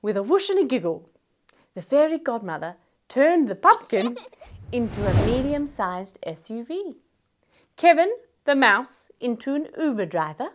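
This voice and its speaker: A woman's voice: fairly high pitch, big pitch swings, a little slow. A woman reading a silly fairytale aloud for kids in a garden, with playful asides to her young audience. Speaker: children's storyteller. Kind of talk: read-aloud storytelling for kids. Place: outdoors in a garden.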